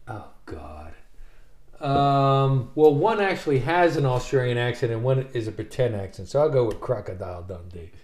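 A man's voice: medium pitch, normal speed. A man in casual, profane chat who laughs a lot and swears freely. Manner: profane, animated, laughs often. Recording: echoey room.

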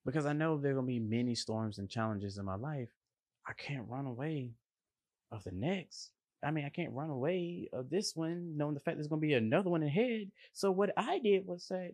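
A man, a line cook, giving a casual motivational monologue, animated and slangy, with playful emphasis and vocal sound effects. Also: fairly high pitch, fairly quick, no room sound.

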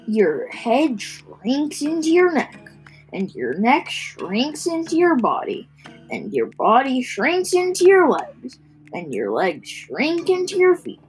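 A woman voicing a nasty old man who loudly mocks and frightens his wife in a children's story. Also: high-pitched, huge pitch swings, slow, faint music behind, heavily acted, rough recording. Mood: sly. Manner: loud, gloating and mocking.

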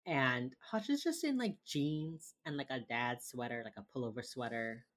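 A woman with a strikingly deep voice co-hosts a casual podcast. She retells a TV episode in a loose, chatty way, leaning on "like" and "you know". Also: moderate pace. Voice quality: very low-pitched, relaxed storytelling with lots of "like". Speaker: podcast co-host recapping a TV episode. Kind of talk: casual chat.

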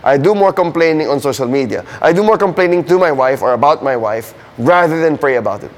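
Earnest pastor in an echoing hall. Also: male voice, a little high, animated, fast talker. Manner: earnest, building to emphatic questions. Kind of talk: sermon. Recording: long hall reverb.

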